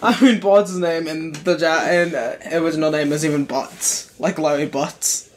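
A man's voice: a little high, fairly even intonation, normal speed, slight background noise. A man giving casual, joking commentary while playing a video game. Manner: wry, joking quips. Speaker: co-host of a let's play channel.

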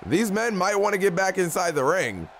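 A young man giving casual, excitable play-by-play commentary on a video game, talking slangily to the characters on screen. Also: high voice, moderate pace. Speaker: gaming YouTuber.

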